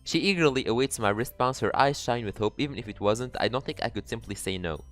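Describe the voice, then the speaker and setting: A man commentating a game as he reads it aloud, jokey and prone to swearing. His pitch bounces all over the place, with faint music playing under him. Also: lively intonation, fast talker, a bit bright. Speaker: let's player.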